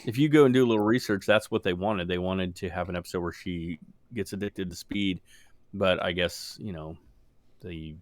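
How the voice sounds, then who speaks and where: A man's voice: deep voice, moderate pace, no echo. A man co-hosting a podcast, rambling in casual chat, swearing freely and laughing often. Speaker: podcast co-host.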